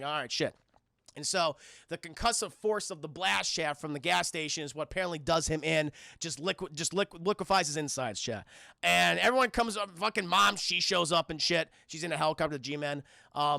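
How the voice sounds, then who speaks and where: A man casually retelling a film plot to his stream chat, profane and animated, acting out characters in squeaky voices. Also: vocal fry, no echo, studio quality.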